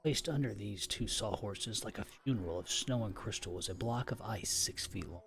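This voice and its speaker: A man's voice: lowish voice, moderate pace, vocal fry, a bit bright. A man reading a novel aloud on a live stream, stumbling over words now and then and stopping for offhand asides.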